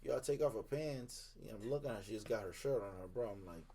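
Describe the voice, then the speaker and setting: A young man and podcast co-host, telling a story in casual chat. He talks in an animated way, acts out the quotes and laughs along. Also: lowish voice, fast talker, a little hiss or hum. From Dominican heritage.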